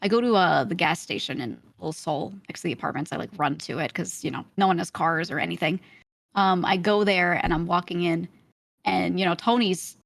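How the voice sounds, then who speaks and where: A woman's voice: lowish voice, creaky, dry recording, clean studio sound. A woman guest on a podcast, telling a long story in casual chat with frequent laughs. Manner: chatty storyteller, quick laughs.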